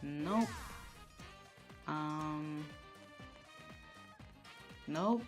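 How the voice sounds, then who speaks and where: A woman's voice: sits low, drawn-out words, over music. A woman streamer playing a game live at home, chatting casually and talking to her viewers as she plays. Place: room at home.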